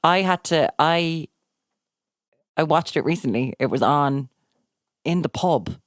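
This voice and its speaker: A woman with a Cork Irish accent, hosting a podcast in casual, animated chat with sarcastic asides. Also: sits low, takes it slowly, dry recording, clean studio sound. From Ireland. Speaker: podcast host.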